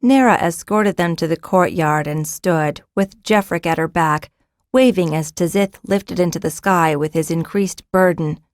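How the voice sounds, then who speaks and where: A woman's voice: fairly low pitch, measured pace, dry recording, clean studio sound. Woman narrating a fantasy audiobook. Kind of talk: scripted narration.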